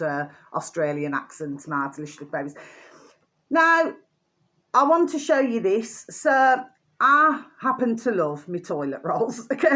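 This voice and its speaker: A woman's voice: medium pitch, sharp tone. An older woman chatting casually in a show-and-tell vlog, doting and rambling, full of fillers and repeated pet names. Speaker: vlogger.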